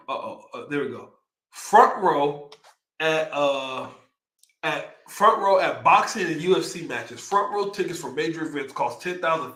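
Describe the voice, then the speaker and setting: Hyped young man with a bright voice. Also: fairly high pitch, echoey room. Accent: Texan. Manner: excitable, hyped, reads figures aloud and riffs. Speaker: livestream host. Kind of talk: casual livestream chat.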